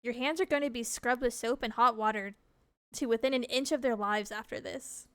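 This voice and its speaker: A woman's voice: on the high side, moderate pace, clear, resonant tone, dry recording. A woman streamer reading a game's text aloud, laughing and reacting with disgust between lines.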